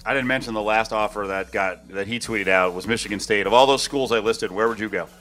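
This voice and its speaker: A man hosting a casual sports talk show, talking in a rambling, animated way. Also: fairly low pitch, fairly quick, soft background music.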